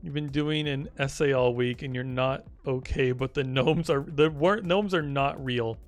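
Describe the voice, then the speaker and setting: A man's voice: mid-range voice, measured pace, soft background music. A young man streaming live, chatting casually, teasing and swearing as he rambles.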